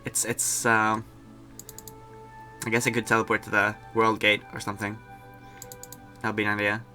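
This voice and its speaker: A man's voice: lowish voice, monotone, normal speed, pushed and bright, soft background music. A young man giving casual, jokey gameplay commentary as a streamer, chatting with his viewers. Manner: chatty, jokey, talks to chat. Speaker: game streamer.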